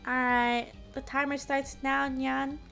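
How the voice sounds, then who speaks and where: A woman in her twenties talks casually to her stream chat in a high, bright, sharp-edged voice. She fills her speech with "like" and a questioning "yeah?". Soft music plays quietly underneath. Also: level tone, slow pace, vocal fry. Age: 20s. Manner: chatty, peppers speech with "like" and "yeah?".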